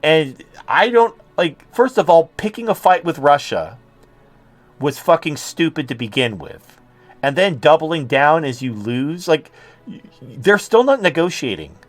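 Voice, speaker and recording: A man's voice: a little high, very animated, measured pace, dry recording, soft background music. A man ranting in a casual political monologue, profane and sarcastic, often mimicking others mockingly. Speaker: political commentator.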